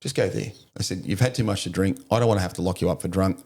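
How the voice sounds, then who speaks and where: A gravelly, fairly low-pitched Australian man in middle age tells a rough story in a relaxed interview. He talks bluntly and swears freely, with laughter breaking through his telling. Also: rapid-fire. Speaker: podcast guest, army, navy and police veteran.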